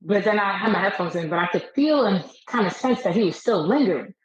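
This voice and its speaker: Woman preaching n telling her testimony on a podcast, average pitch, kinda dull muffled audio. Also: fast. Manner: preachy, animated storyteller. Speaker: podcast guest. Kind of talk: faith testimony and casual chat.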